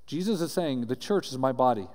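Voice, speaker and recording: A man's voice: mid-range voice, animated, a little fast, darkish tone. Male pastor preaching in a reverberant church. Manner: earnest, reads scripture aloud then explains it with frequent "right?". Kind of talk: sermon. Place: church sanctuary. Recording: roomy church hall reverb.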